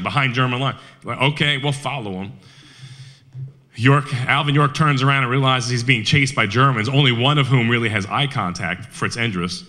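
Man speaker, animated storyteller, crisp bright tone, mid pitch, slips into short quoted voices. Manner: animated storyteller, quick quoted asides in character. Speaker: historian speaker. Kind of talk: storytelling talk. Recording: radio broadcast of a live talk.

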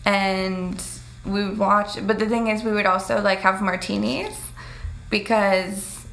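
A woman's voice: mid-range voice, fairly even intonation, a little slow, creaky, a bit bright, faint music behind. A young woman from Canada with a Canadian accent, a stand-up comedian chatting as a guest, self-deprecating and full of "like". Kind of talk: casual interview chat.

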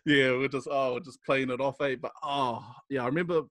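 A young New Zealand man chatting as a podcast guest, swept up in his own stories and quick to laugh. His voice sits at an ordinary middle pitch and sounds close and dry, with no room around it. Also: no echo. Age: young adult. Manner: animated, laughing storyteller. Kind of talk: casual chat.

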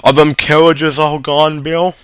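A man's voice: a little high, flat delivery, measured pace, fairly bright tone, smooth, no echo, voice pushed up. A man reading as a fretful pub father. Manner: fretful, pleading. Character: worried, tipsy Irish father in a pub.

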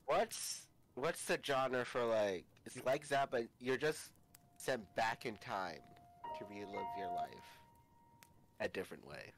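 A man's voice: mid-range voice, unhurried, noisy background. A young man hosting a podcast, chatting casually in a rambling way, swearing and laughing often. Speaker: podcast host. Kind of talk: casual chat. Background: music.

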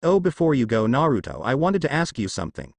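A man's voice: mid-range voice, very animated, fast talker, vocal fry, no room sound. A man reading the lines of a cool, teasing adult woman ninja teacher in a fan fiction story, in nearly his own voice.

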